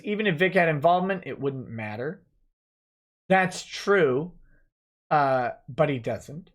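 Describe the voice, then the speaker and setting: A man hosting a casual livestream, reading out viewer chat messages and answering them offhand as a lawyer. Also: a little high. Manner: reads chat messages aloud and replies offhand.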